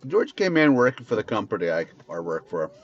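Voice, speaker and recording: Driving along, this podcast host delivers a bitter, swearing monologue off the cuff. His lowish voice has a sing-song lilt and runs a little fast. Sound quality is dull and lo-fi with faint background noise.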